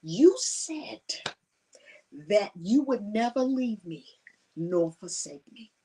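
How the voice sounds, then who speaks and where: An earnest woman sharing personal testimony on a conference panel, her voice emotional and broken by frequent laughter. She sits a little back from the mic, so she sounds slightly distant, with a medium pitch. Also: very animated, takes it slowly, mellow, slight background noise.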